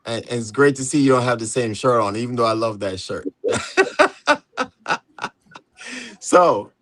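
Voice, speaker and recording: A Jamaican man hosts a relaxed live chat with an easygoing, conversational flow. His voice sits at an ordinary mid pitch and sounds close and dry, with no room around it. He keeps circling back with "you know" and laughs readily. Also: a little slow, dry recording. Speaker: host. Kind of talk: casual live panel chat.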